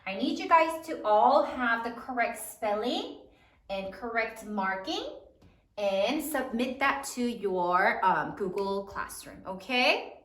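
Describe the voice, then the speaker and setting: A woman teacher speaks slowly and carefully, walking young pupils through a spelling lesson. Her fairly high voice rises and falls a great deal as she encourages them. She sounds a little far from the mic in an echoey room. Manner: slow, encouraging, lively teacher talk. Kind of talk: online spelling lesson for children.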